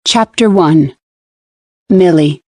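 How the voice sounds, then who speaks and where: Audiobook narrator: woman, low voice, measured and wry, dry close-miked studio read. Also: darkish tone, dry recording. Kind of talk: scripted first-person audiobook narration. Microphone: close studio mic.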